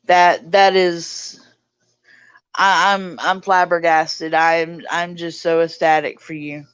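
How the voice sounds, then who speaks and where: A woman hosting a casual livestream chat, reading out viewer comments and answering them warmly. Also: lowish voice, little pitch movement, slow, smooth, no room sound, muffled recording. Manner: warm, reads out viewer comments and greets chatters. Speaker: livestream host.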